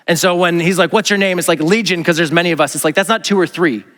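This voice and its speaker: A man's voice: fairly high pitch, fairly even intonation, quick pace, fairly bright tone. A male pastor preaching a sermon in a conversational, joking way, often acting out quotes. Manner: conversational, jokey, acts out quotes in a raised voice. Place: large church sanctuary. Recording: long hall reverb.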